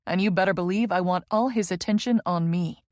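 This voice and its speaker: A woman's voice: lowish voice, a little fast, dry recording, lightly acted. Woman voicing brassy teasing best friend Tess. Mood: playful. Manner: brassy, playful, loud teasing.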